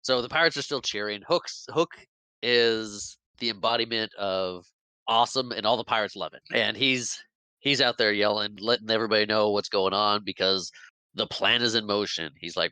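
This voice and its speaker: A man co-hosting a podcast in casual chat, retelling a film with animated energy, acting out the lines and laughing often. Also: fairly low pitch, moderate pace, smooth, dry recording, low-quality recording. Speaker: podcast co-host.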